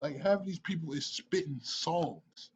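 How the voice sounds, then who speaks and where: A man hosting a reaction video, talking excitedly, stammering and repeating himself. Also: fairly high pitch, unhurried, breathy edge. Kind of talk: casual reaction commentary.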